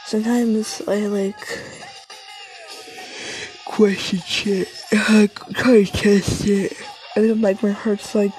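A woman's voice: medium pitch, level tone, takes it slowly, pauses often, darkish tone, faint music behind, poor audio. A teenage girl telling a rambling, casual story, full of fillers and swearing.

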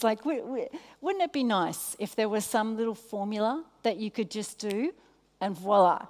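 A woman with an Australian accent preaching at a church service, questioning the congregation and dropping soft and low when she prays. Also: animated, moderate pace. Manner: engaging, asks the audience questions; drops soft and low in prayer. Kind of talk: sermon with congregation banter. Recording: long reverb in a large hall.

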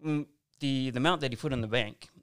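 A man's voice: medium pitch, a little fast, a bit bright, smooth, no room sound. A man telling a personal story in casual conversation, rambling and earnest with lots of asides and restarts.

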